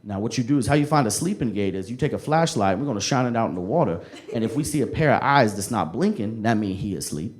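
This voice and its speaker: A man's voice: fairly low pitch, lively intonation, natural voice. A man doing a drawling Southern gator hunter. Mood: folksy. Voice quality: sweet sultry drawl. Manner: folksy, explains slowly, keeps saying okay. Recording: noisy live club recording.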